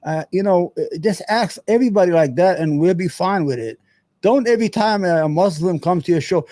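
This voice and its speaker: A man talks over clips as the host of a commentary show. His voice sits fairly high but sounds dark, and his talk is blunt, profane and rambling, with many restarts. The recording is dry. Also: fairly quick, no room sound. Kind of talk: casual commentary.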